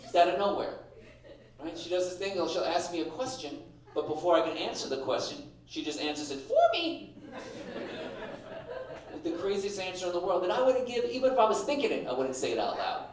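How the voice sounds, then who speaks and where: A brash middle-aged man works through a stand-up set with punchy timing, voice sitting a touch high. He sounds set back from the mic in a very echoey room. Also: very animated, fairly quick, far from the mic. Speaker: stand-up comedian. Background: audience laughter.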